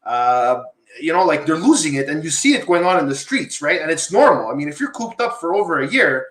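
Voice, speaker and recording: A man's voice: fairly high pitch, very animated, a little fast, fairly bright tone, reverberant. A man hosting a casual panel discussion, rambling and repeating himself as he makes his points. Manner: rambling, repeats himself, asks guests questions. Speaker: podcast host.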